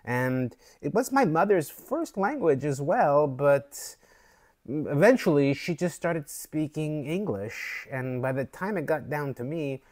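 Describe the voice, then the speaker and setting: A man from Canada talking slowly and thoughtfully to camera in a reflective vlog, with fillers and restarts. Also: on the high side, lively intonation, darkish tone. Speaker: vlogger.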